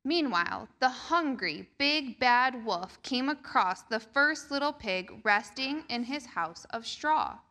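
A woman reading a picture book aloud to children during a church service, slow and expressive. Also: fairly high pitch. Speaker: children's storyteller.

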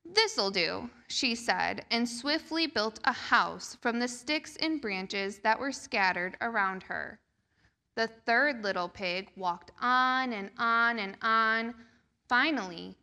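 A woman reading a picture book aloud to children during a church service, slow and expressive. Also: on the high side, creaky. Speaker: children's storyteller.

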